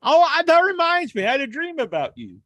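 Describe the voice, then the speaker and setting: A man co-hosting a podcast in casual chat, an animated storyteller who laughs often and acts out sounds. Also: extremely high pitch, brisk, dry recording, lo-fi sound. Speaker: podcast co-host.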